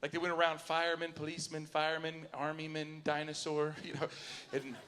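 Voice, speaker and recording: Animated stand-up comic with drawl. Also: male voice, on the high side, a little fast. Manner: animated storytelling, acting out both sides of conversations. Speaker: stand-up comedian. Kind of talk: stand-up comedy set. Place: university auditorium before a live audience. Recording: long hall reverb.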